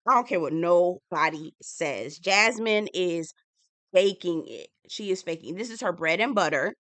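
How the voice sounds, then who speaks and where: A young woman giving a sassy, animated casual recap of a reality TV episode. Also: fairly low pitch, no room sound. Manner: sassy, animated, acts out quoted lines. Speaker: TV recap reviewer.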